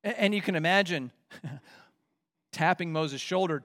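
Male pastor, higher-pitched, expository sermon delivery with lively acted-out complaints. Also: a little slow, long pauses. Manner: expository preaching with acted-out complaints and rising emphasis.

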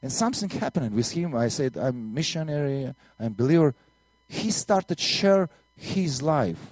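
A man's voice: medium pitch, expressive, a little slow, darkish tone, dry recording. Earnest Russian-accented man giving testimony. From Latvia. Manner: earnest storytelling with broken English and repeated words. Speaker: minister and missionary. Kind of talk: testimony sermon.

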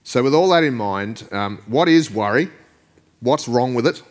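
A man's voice: medium pitch, animated, moderate pace. A male pastor preaching a sermon in a casual, joking way, often chuckling.

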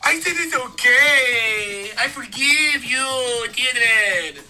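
A man's voice: extremely high pitch, lively intonation, heavily acted. A man playing a solemn male priest delivering a rambling mock sermon, recorded from a distance with faint music behind. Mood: tearful. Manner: slow, rambling, grows tearful and shouting.

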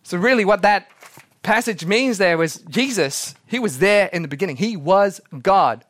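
A man preaching a sermon as pastor, dramatic, acting out quotes and slowing down for emphasis. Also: high voice, animated, fairly bright tone, dry recording.

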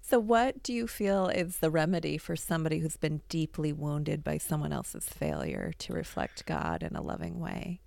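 A woman interviewer with a very low, gravelly voice asks a long question in a measured, careful way. Her voice sounds dry and close, with no room echo. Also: very animated, a little mellow.

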